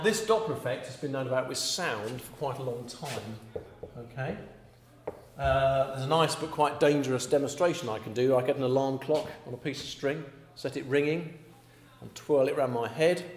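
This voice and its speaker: A man's voice: medium pitch, a little mellow. A man teaching an astronomy class, explaining step by step and often checking with "okay?". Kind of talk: classroom lecture. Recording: echoey classroom with faint hum.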